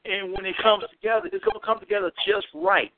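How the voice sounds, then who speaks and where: A man's voice: high-pitched, little pitch movement, quick pace, vocal fry. Earnest man on a tinny phone line. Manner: earnest, repeats himself while searching for words. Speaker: guest speaker. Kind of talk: casual faith-based chat.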